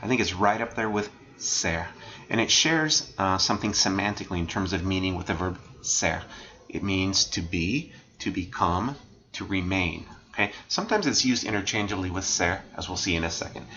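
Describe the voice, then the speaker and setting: A man's voice: low-pitched, moderate pace, sharp tone, muffled recording. A man teaching a recorded slide lesson, explaining phrases one by one and asking "right?" after nearly every line. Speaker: language teacher.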